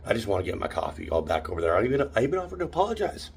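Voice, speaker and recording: A man telling an indignant, animated story in a ranting vlog, filmed on a handheld phone in a hotel room. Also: lowish voice, very fast, gravelly, slightly rough. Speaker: vlogger.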